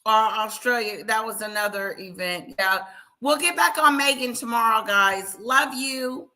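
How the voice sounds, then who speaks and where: A woman hosting a casual live stream, talking loudly and chatting with her viewers by name. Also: a little high, measured pace, poor audio. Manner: loud, talks to chat viewers by name.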